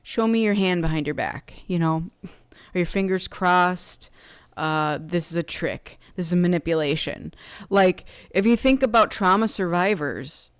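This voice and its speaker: A chatty woman doing a casual tarot love reading, full of fillers and quick asides. Her voice sits a little low and sounds smooth and clear. The sound is dry, with no room echo. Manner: chatty, filler-heavy, slips into acting out quoted thoughts. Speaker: tarot card reader.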